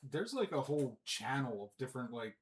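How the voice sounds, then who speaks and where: A man's voice: medium pitch, sing-song, fairly quick, slight background noise. A man joining a podcast as a guest, laid-back and laughing often in casual chat. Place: studio room.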